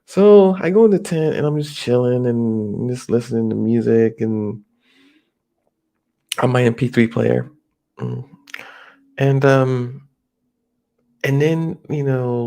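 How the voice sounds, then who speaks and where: A man's voice: mid-range voice, creaky, dark tone. A man casually telling a rambling personal story at home, slipping into his friends' voices as he quotes them. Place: home near a highway.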